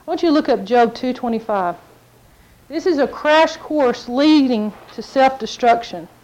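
A woman delivers a sermon in a high, bright-pitched voice. She tells stories with animation and slips into the voices of the people she quotes. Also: normal speed, poor audio. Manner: animated storytelling, acts out quotes. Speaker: preacher.

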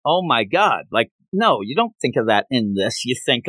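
A man's voice: medium pitch, very animated, moderate pace, few pauses, fairly bright tone, dry recording. A man co-hosting a podcast, recapping a manga chapter in casual chat and acting out the characters' lines. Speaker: podcast co-host.

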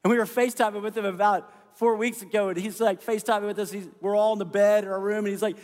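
Middle-aged male pastor, earnest storyteller, fairly high voice, long hall reverb. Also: fast talker, few pauses, darkish tone. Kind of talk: sermon.

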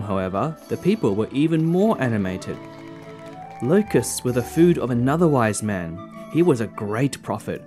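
A man reading his own short story aloud as a storyteller in a gentle storytelling manner. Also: medium pitch. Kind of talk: scripted narration of a story.

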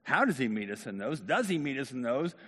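A man's voice: mid-range voice, sing-song, a little fast, bright, forceful tone, husky. Man preaching in a reverberant hall. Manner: conversational, talks directly to the congregation. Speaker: pastor. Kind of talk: sermon.

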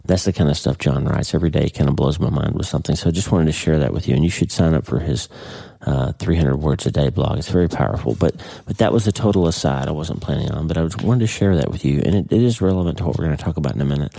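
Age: middle-aged. Sex: man. Pitch: very low. Tone: mellow, husky. Style: casual podcast host. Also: fast, few pauses. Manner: unscripted, off-the-cuff, earnest.

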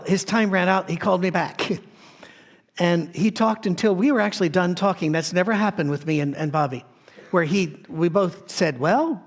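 A male pastor delivers a sermon from a soundstage in a slightly higher-than-usual voice. He preaches conversationally, as if telling a story to friends, and often circles back to restart a phrase.

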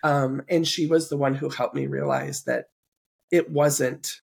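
A woman's voice: extremely low pitch, a little slow, vocal fry, breathy edge. A woman podcast host being interviewed, earnestly and reflectively recounting a personal story. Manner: earnest, reflective, occasional soft laughs.

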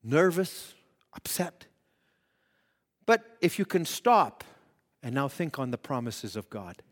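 A man preaching a sermon, swinging from loud exhortation to hushed, acted-out quotes. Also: mid-range voice, very animated, a little slow. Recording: long hall reverb.

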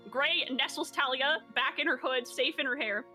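A woman recapping a tabletop game session in casual narration, animated and laughing, often swearing and acting out quotes. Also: sits high, moderate pace, soft background music.

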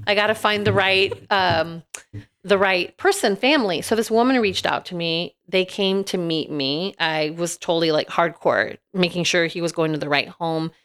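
A woman's voice: lowish voice, moderate pace, a bit bright, clean tone. A woman, chatting as a guest in a podcast interview and telling a personal story with plenty of feeling. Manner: emotional, laughs and tears up while telling a story. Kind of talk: casual chat, storytelling.

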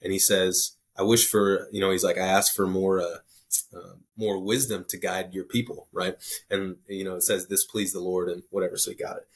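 A young man telling a personal faith story in a casual, rambling way, full of restarts and quick asides. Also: low-pitched, flat delivery. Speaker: podcast guest sharing testimony.

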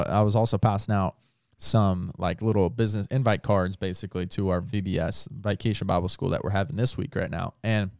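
Earnest pastor guy talking casual, fillers everywhere, kinda low, real clean voice. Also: a little mellow, smooth, no room sound, clean studio sound. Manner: earnest, emphatic, with lots of filler words. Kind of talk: casual podcast talk.

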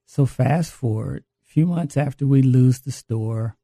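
A man's voice: mid-range voice, measured pace, vocal fry, warm tone, no room sound. A man earnestly telling a personal faith testimony about his recovery. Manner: earnest, confessional storytelling. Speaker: guest sharing a recovery testimony.

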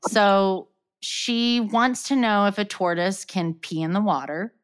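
A woman's voice: mid-range voice, steady tone, measured pace, clean tone. A woman hosting a casual interview, reading out questions steadily and laughing often. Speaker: podcast host.

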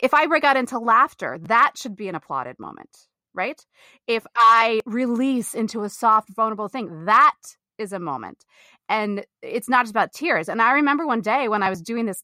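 A middle-aged woman from the Midwest, an actor telling candid stories in an interview, animated and emphatic, swearing freely. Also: mid-range voice, dry recording, studio quality. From American Midwest.

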